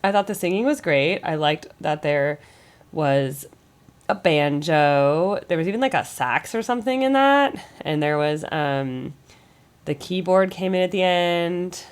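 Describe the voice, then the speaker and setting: An American woman with a lowish, clean-toned voice speaks unhurriedly as she hosts a music reaction channel. Recovering from a cold, she offers casual reactions in a rambling, think-aloud manner.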